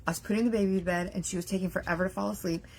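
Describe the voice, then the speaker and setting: A young adult woman coaching on business mindset in a casual, animated talk to camera, acting out worried inner voices and leaning on "like" fillers. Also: medium pitch, very fast.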